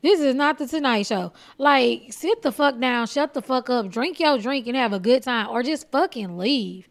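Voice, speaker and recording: A woman stand-up comedian from Texas, hosting her own podcast with a blunt, profane, animated comic rant. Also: sits high, normal speed, vocal fry.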